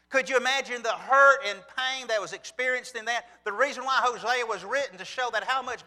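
A man with a high voice preaches an earnest sermon. He poses rhetorical questions and reads scripture aloud in a very bright, forceful tone. The sound carries a long hall reverb, as in a church sanctuary. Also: a little fast, hardly any pauses.

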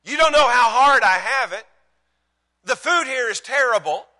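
A man acting out a self-pitying grown man griping from a prison cell, with a whiny, drawn-out complaint. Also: very high voice, lively intonation, bright, forceful tone, big-room sound, pitched above the performer's own voice, full character voice, poor audio. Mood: whining.

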